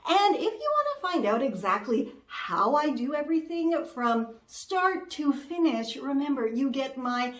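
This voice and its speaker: High-voiced gushing DIY vlogger woman. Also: big pitch swings, measured pace, hardly any pauses, echoey room. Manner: gushing, enthusiastic. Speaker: DIY refashion vlogger and host. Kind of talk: upbeat craft vlog.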